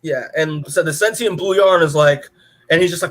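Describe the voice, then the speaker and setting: Fairly high-pitched and fairly quick, a man co-hosting a comic-book podcast wanders through a recap of the story. Filler words, "like," and restarts abound, and he quotes characters in his own voice.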